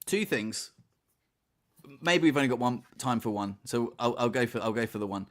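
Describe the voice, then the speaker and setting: A man's voice: mid-range voice, lively intonation, normal speed. A man co-hosting a podcast, chatting casually and telling a story with lots of "you know" and "right?" asides. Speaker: podcast co-host. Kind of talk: casual chat.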